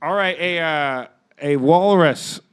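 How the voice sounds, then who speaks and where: A man's voice: fairly high pitch, slow pace, clean tone. A man on a comedy podcast, casually prompting a joke, laughing and repeating its opening line. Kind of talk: casual chat.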